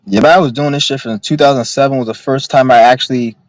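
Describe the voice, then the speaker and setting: A man's voice: medium pitch, fairly even intonation, fast talker, no room sound, low-quality recording. A young man talking casually to the camera from his car, rambling and swearing while telling stories, agitated and blunt. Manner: profane, rambling, agitated storytelling. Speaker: vlogger.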